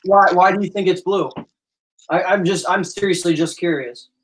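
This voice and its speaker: A man, a guest on a casual livestream chat, making dry deadpan jokes. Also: high-pitched, normal speed, a little hiss or hum, poor audio. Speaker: stream guest.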